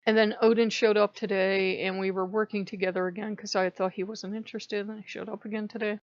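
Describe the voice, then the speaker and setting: A woman's voice: medium pitch, flat delivery, brisk, no echo. A woman ranting in a casual vlog, swearing a lot and sounding fed up. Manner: profane, exasperated venting. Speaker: vlogger. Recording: dull lo-fi sound.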